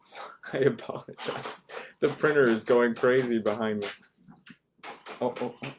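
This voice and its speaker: Slow, patient male language teacher. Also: medium pitch, steady tone, background noise. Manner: slow, patient, repeats each word for learners. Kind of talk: online language lesson. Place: home.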